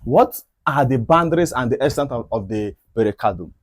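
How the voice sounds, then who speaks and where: A man's voice: medium pitch, expressive, brisk, no room sound, studio quality. A man teaching a medical anatomy lesson over diagrams. He often repeats key points and asks rhetorical questions. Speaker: medical educator.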